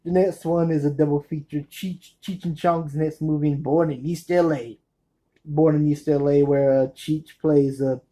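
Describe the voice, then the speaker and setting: A man with a mellow, darkish voice chats about his film collection. His talk is nervous and meandering, full of restarts and quick corrections as he searches for the right word. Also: on the high side, poor audio. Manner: nervous, rambling, often correcting himself. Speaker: movie collector reviewing his films. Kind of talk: casual spoken review.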